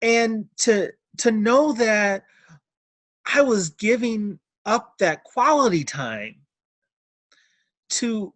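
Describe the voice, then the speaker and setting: A man's voice: high voice, fairly bright tone, no room sound. Middle-aged man, interview guest, earnest and heartfelt, dry close mic. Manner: earnest, heartfelt, repeats words. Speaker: interview guest, notary signing agent. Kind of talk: emotional personal testimony.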